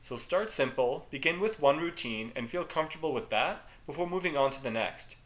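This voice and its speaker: A man's voice: on the high side, lively intonation, a little fast, a bit bright. A man hosting a family health podcast, encouraging and reading out closing take-home points. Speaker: podcast host. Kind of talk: podcast hosting and interviewing a child.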